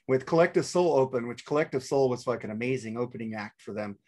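A man's voice: mid-range voice, fast, a little mellow. A man co-hosting a casual podcast, rambling through a story, cursing freely and restarting his sentences. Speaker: podcast co-host. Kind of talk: casual chat.

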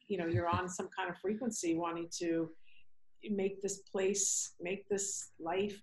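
A woman's voice: lowish voice, poor audio. A woman from New York with an American accent, a podcast guest chatting over a video call in an effusive, heartfelt way. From New York City. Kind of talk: casual video-call chat.

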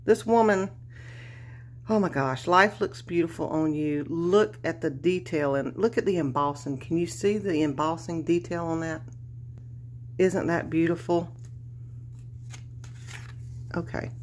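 Woman vlogger, lower-pitched, gushing and tearful, talks straight to her viewers. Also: a little slow, pauses often, darkish tone, a little hiss or hum. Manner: gushing, emotional, Southern "y'all". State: near tears. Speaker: craft vlogger. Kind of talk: casual video chat.

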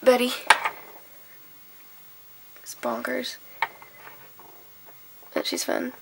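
A sick young woman with a heavily gravelly, croaky voice, talking slowly and a little high. She rambles, giggles and loses her thread. Faint noise sits under the recording. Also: huge pitch swings. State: sick, hoarse. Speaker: vlogger. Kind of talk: casual chat.

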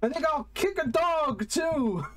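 A man's voice: extremely high pitch, lively intonation, a little slow, a bit bright, slight background noise, voice pushed up, full character voice. A man voicing a crude, hot-tempered male frog puppet in a comedic ranting impression over a game stream. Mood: angry ranting. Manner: angry ranting, crude jokes.

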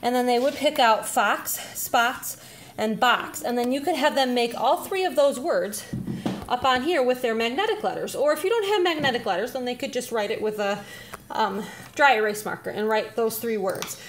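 A woman teacher casually demonstrating reading activities, slightly out of breath, pausing often with "um". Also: on the high side, lively intonation, a little hiss or hum. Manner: chatty, with frequent "um" pauses while handling letters.

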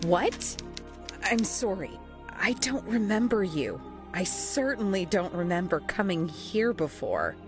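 A wary young heroine from a horror video game asks tense, uneasy questions. Her voice sits at a middling pitch. Clear music runs underneath. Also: very animated, measured pace.

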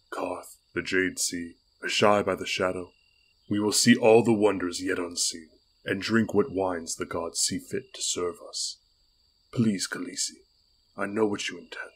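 A man's voice: low voice, fairly even intonation, measured pace, husky. A man reading the part of a loyal middle-aged knight in an audiobook, pleading earnestly with his queen.

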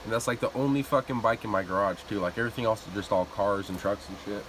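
A man's voice: fairly low pitch, fast, background noise. A man streaming a shooter game, talking casually and cursing at other players as he plays. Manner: profane, animated trash talk. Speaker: live streamer. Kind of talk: casual gameplay commentary.

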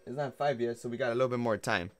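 A man's voice: medium pitch, very fast, over music. A man streaming a video game, talking casually and rambling while often laughing at his own jokes. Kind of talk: casual gameplay commentary.

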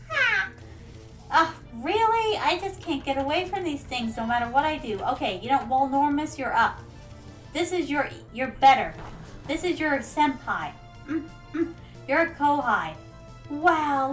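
High-voiced playful woman streamer. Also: rough recording. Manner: playful, theatrical, calls viewers "my darlings". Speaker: VTuber streamer. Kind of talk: casual gameplay commentary.

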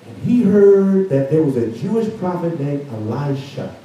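Preaching pastor in an echoey church. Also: male voice, fairly high pitch, big pitch swings, moderate pace, hardly any pauses, mellow. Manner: preaches with rising fervor, acting out the story's characters. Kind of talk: sermon. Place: church sanctuary. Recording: distant mic in a very echoey church.

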